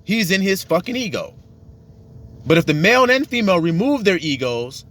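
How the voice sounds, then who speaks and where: A man's voice: sits high, very animated, normal speed, fairly bright tone. A man giving a casual, profane sermon, acting out little dialogues to make his points. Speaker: religious teacher.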